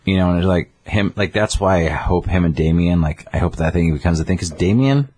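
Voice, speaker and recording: Low husky man in casual chat. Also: fairly quick. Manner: animated storytelling, acting out characters. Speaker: comic book podcast co-host.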